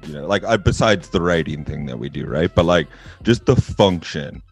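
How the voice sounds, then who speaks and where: A man's voice: deep voice, expressive, normal speed, faint music behind. A young man co-hosting a podcast, rambling and self-mocking in casual chat. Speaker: podcast co-host.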